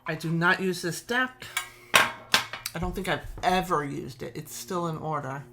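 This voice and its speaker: Her voice is on the low side and unhurried, and the recording is very noisy. She's a middle-aged tarot deck collector and reviewer with a New York accent, gushing and laughing often as she chats casually in a vlog.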